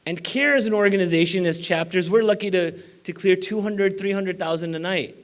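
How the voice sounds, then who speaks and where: Keynote speaker, male, high-ish voice, emphatic and rallying, banquet speech. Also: moderate pace. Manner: emphatic, exhorting the audience. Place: banquet room before about four hundred people.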